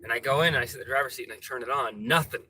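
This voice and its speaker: A man's voice: medium pitch, very fast. A man chatting casually and profanely while driving, rambling and then ranting. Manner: rambling, profane, gets ranty. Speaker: vlogger. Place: inside a moving car. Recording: distant mic with loud road noise.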